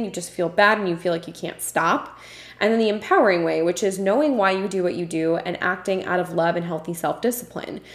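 Earnest woman host in an echoey room. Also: medium pitch. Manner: earnest, passionate, with frequent um and uh. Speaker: podcast host. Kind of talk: solo podcast talk. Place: home room with a puppy nearby. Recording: roomy echo.

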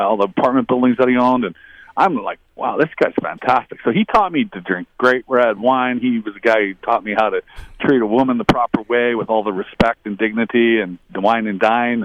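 In a muffled recording free of room sound, a middle-aged man who used to play hockey spins rambling stories. When he quotes others, he shifts into higher voices.

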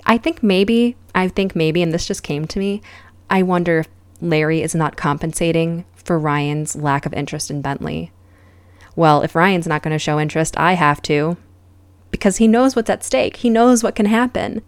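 A woman's voice: lowish voice, normal speed, clear, resonant tone, no room sound. A woman hosting a podcast, recapping a reality show in a casual, sarcastic and profane way. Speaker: podcast host.

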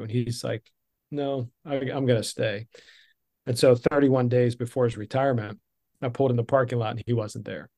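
A man's voice: mid-range voice, steady tone, fairly quick, a little mellow. A man in his fifties, a business coach being interviewed, telling a personal story in an earnest, conversational way.

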